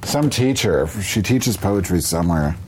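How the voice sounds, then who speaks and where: A man with a very low voice trades sarcastic banter as co-host. He sounds mock-offended. Faint noise hums behind him. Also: animated, a little slow. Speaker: podcast co-host. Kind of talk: casual chat.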